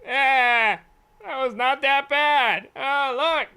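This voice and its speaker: Man doing a giddy skydiver shouting mid-air. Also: very high voice, very slow, pitched above the performer's own voice, exaggerated voice. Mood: cheery. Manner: cheery, calling out.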